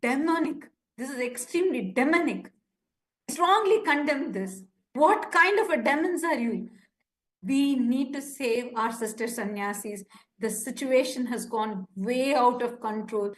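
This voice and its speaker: Impassioned high-voiced woman pleading urgently. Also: expressive, a little slow. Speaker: presenter of a live-streamed appeal. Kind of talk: urgent live-streamed appeal.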